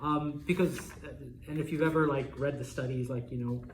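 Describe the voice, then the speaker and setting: A man's voice: medium pitch, steady tone, brisk. A man teaching a Spanish class in a chatty way, laughing often and checking in with "okay?". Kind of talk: classroom lecture. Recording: roomy classroom from far off.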